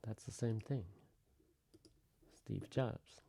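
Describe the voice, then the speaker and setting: A man's voice: fairly low pitch, steady tone, very slow, vocal fry, warm tone, slight background noise. Chatty male teacher giving a lecture. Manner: chatty, joking asides, thinks aloud. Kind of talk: classroom lecture.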